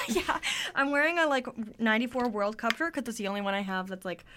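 A woman's voice: a little high, animated, fairly quick, heavy background noise. A woman from the United States co-hosting a live radio show, playful and chatty with lots of fillers. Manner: laughing, playful, filler-heavy. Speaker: radio co-host. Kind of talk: casual radio chat. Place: radio studio.

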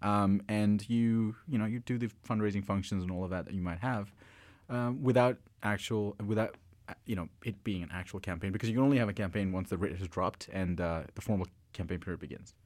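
Low-voiced, teasing man. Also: brisk, darkish tone, no echo. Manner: playful, teasing, stumbles over words. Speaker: podcast co-host. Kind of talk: casual conversational chat.

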